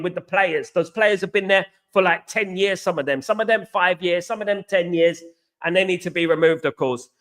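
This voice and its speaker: A man's voice: sits high, bright, forceful tone. A man hosting a casual live chat, reading out viewer comments and answering emphatically, often repeating himself. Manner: emphatic, repeats "absolutely" and "you know what".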